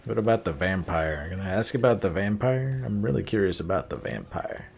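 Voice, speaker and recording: A man's voice: deep voice, very animated, a little fast, vocal fry, a little mellow. A man streaming a video game, chatting casually and laughing at himself. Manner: self-deprecating, laughs often. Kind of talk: casual let's-play commentary.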